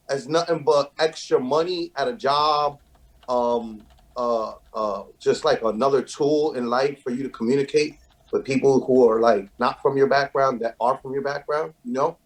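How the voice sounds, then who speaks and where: Earnest rambling New man. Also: mid-range voice. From New York. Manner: earnest, rambling, animated asides. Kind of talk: casual interview chat.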